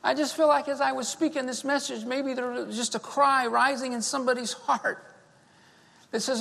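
Here the preacher's voice sits high and a bit bright, steady in tone, at a moderate pace with some vocal fry. Fervently delivering a sermon and altar call, the pastor repeats key phrases and punctuates them with "amen" and "beloved." Long large-hall reverb fills the recording.

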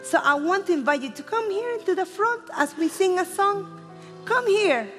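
In a reverberant church hall, with musicians softly playing, an expressive, high-voiced woman preacher from a Spanish-speaking country speaks with a Spanish accent. She gives an evangelistic sermon and altar call at a fast, fervent clip, moving from loud to hushed.

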